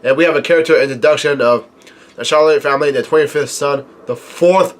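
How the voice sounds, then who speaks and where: A fairly high-pitched man reading comic panels aloud in a casual commentary. He stumbles through with frequent fillers and gets excited by surprising moments. His tone stays loose and unscripted. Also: quick pace. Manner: reads quoted dialogue aloud, hesitant with many fillers, excitable. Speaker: manga reviewer.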